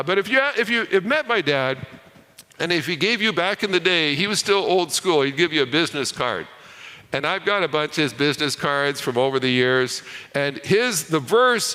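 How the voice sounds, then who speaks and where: A man preaching a sermon, telling a story and dropping to a hush on key lines, with frequent repeated words. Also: a little high. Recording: reverberant hall.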